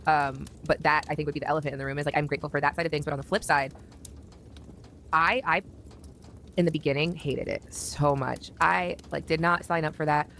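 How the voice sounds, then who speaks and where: A woman being interviewed speaks candidly and openly, rambling a little with frequent fillers. Her voice sits low and steady, brisk and fairly bright, with slight background noise.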